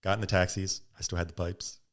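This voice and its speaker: A man with a very low voice tells a story as a podcast guest. He talks casually and acts out the lines of the people in it. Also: fast. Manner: animated, acts out quoted speech.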